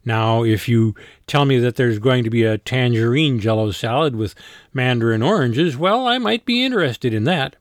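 A man voicing a raspy, laid-back male polka band front man in an audiobook. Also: medium pitch, moderate pace, dry recording, studio quality, natural voice. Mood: wry. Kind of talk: audiobook character voice.

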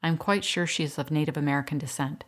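A woman reading the lines of a tired male doctor, speaking in a grave, measured way. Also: fairly high pitch, a bit bright, natural voice. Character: weary male small-town doctor.

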